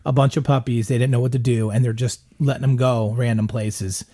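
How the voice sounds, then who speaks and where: A man's voice: medium pitch, steady tone, a little fast, mellow. A middle-aged man telling a long, rambling story in casual chat, swearing often. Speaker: podcast guest.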